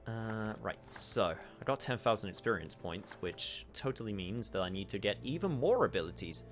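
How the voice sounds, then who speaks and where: A man casually commenting on his game as he streams it, rambling and chatty with sudden excited outbursts. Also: lowish voice, moderate pace. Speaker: gamer streaming a playthrough. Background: game music.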